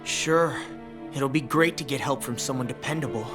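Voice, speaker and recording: A sincere, plain-spoken teenage boy mage, voiced by an actor in an anime dub. His voice sits mid-range, and he is stubborn but good-natured. Music plays clearly behind him. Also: medium pitch, normal speed, close to an everyday voice. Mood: friendly.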